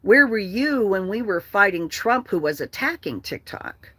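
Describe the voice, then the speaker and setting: A woman's voice: medium pitch, sing-song, a little slow, pushed and bright, dry recording. An older woman hosting a casual livestream, ranting bluntly and with swearing while reading out comments from viewers. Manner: blunt, profane, ranting, reads comments aloud. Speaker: livestream host.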